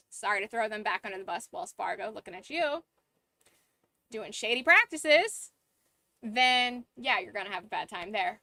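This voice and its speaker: A woman's voice: a little high, pushed and bright. A young woman streamer telling a story in casual chat, laughing often and swearing now and then.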